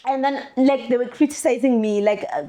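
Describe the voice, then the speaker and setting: A woman's voice: high voice, a little fast. A woman from South Africa with a Pretoria township accent, chatting as a guest and telling stories as she code-switches. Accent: Pretoria township English. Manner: code-switching, animated storytelling. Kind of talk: casual interview chat.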